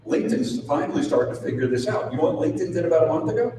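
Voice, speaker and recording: A man's voice: on the high side, lively intonation, racing. A man giving a live sales training seminar to an audience, punchy and full of rhetorical questions. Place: large room with audience. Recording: very echoey room, distant mic, background noise.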